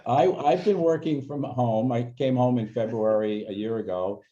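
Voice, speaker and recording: A man's voice: medium pitch, moderate pace, warm tone, slight background noise. An older man, a guest in an interview, telling stories in a reflective way. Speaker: guest, senior consultant. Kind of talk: casual interview answers. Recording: dull lo-fi sound.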